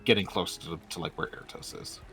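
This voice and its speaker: A man's voice: low voice, brisk, pushed and bright, faint music behind. A man playing in a tabletop role-playing game, talking in a hesitant way and often repeating words. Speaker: player. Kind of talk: casual tabletop game chat.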